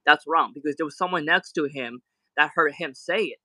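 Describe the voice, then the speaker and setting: A man's voice: fairly high pitch, brisk, bright, forceful tone, no room sound, rough recording. A man ranting on a livestream, indignant and heated, going back over the same points again and again. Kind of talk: angry livestream rant.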